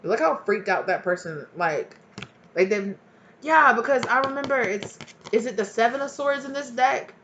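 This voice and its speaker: A woman's voice: on the high side, lively intonation, normal speed, a bit bright, slight background noise. A woman giving a casual tarot reading to her viewers, chatty and blunt, swearing freely and rambling as she goes. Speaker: tarot reader.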